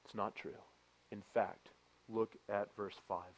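A man preaching a sermon as a pastor, reading scripture aloud and moving from quiet reflection to loud, impassioned preaching. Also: fairly low pitch, steady tone, slow pace. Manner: reads scripture aloud with emphasis.

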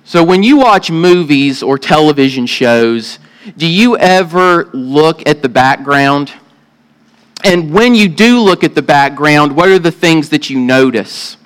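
A man's voice: fairly high pitch, expressive, measured pace, clear, resonant tone, low-quality recording. A man with a Southern US accent, a pastor preaching earnestly and asking the congregation questions. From Southern United States. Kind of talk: sermon with opening prayer.

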